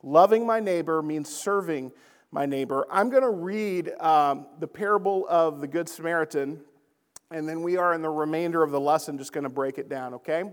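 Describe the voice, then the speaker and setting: A man's voice: a little high, moderate pace, clean tone, in a large hall. A man teaching a church Bible lesson in a conversational way, often checking in with the class and reading scripture aloud.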